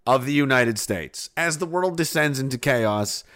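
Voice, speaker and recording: A man's voice: medium pitch, animated, a little slow, fairly bright tone. A male podcast host chatting casually on a livestream, sarcastic and profane, often laughing at his own jokes.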